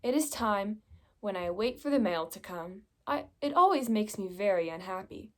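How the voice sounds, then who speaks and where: A gloomy, grumbling toad who expects the worst, from a storybook, as a young woman puts him on. The voice drops a little lower and sounds sulky and weary. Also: animated, moderate pace, a bit bright, lightly acted. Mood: glum. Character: glum grumpy male toad friend.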